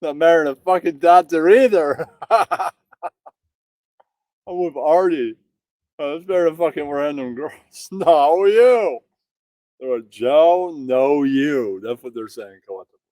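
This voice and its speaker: Male host, unhurried incredulous riffing, profane, dry close mic. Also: a little high, animated, warm tone, no echo. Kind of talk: casual comedic banter.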